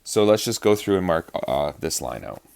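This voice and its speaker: A man's voice: sits low, sing-song, normal speed, vocal fry, darkish tone, clean tone. A man teaching actors about verse rhythm in a lecture, explaining patiently and counting out beats to show stress. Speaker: acting teacher.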